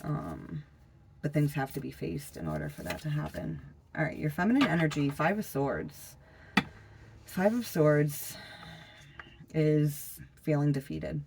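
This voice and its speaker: Gravelly, easygoing tarot reader. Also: medium pitch, big pitch swings, background noise. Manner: loose and unhurried, frequent fillers and trailing pauses; blunt, with the odd swear word. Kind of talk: casual tarot reading.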